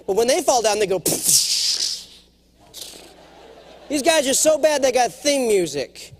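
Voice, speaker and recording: A man's voice: normal speed, a little hiss or hum. A man in his forties giving a humorous conference keynote, telling stories and jumping into acted quotes. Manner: animated storyteller, jumps to high acted quotes. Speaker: keynote speaker. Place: large conference hall.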